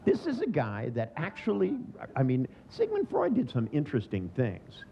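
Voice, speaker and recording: A man in his sixties gives a humorous seminar talk with a sardonic edge. His voice is gravelly, and its pitch moves in a lively way. The recording is dull and lo-fi, with faint noise behind it. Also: normal speed. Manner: sardonic, acts out quoted voices. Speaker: seminar trainer.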